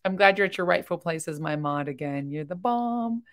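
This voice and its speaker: A woman's voice: on the low side, lively intonation. A woman hosting a casual livestream, rambling in a chatty way and talking openly and emotionally while reading viewer comments. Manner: chatty and rambling, with quick jumps between topics. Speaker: livestream host reacting to videos.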